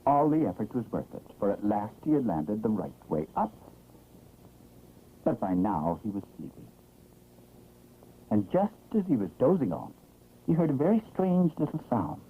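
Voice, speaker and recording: Expressive man narrating a children's story. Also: on the low side, normal speed, pauses often, a little hiss or hum. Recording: tinny, lo-fi old film sound.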